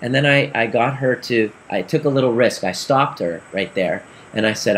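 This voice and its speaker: A man telling a client story in an earnest, animated way, acting out the dialogue as he goes. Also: mid-range voice, moderate pace, hardly any pauses, slight background noise. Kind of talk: storytelling talk.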